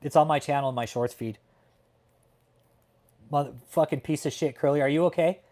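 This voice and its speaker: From his home in Texas, a California-born livestream host talks in a fairly high, darkish voice at a moderate pace. His casual chat turns heated, profane, and emphatic, and he keeps tacking "man" onto his sentences.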